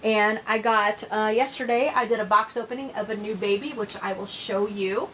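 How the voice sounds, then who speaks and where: Woman, middle-aged, casual vlog chat, rambling, lots of fillers, average pitch, faint rumble behind. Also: fairly even intonation, normal speed, fairly bright tone. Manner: rambling, many fillers and restarts. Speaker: reborn doll vlogger.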